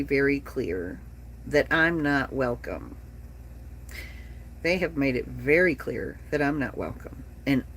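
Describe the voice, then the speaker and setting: Slow-talking blunt woman in her late fifties. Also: low-pitched, slight background noise. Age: 50s. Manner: blunt, profane, talks to chat viewers. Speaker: livestreamer. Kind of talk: casual livestream chat.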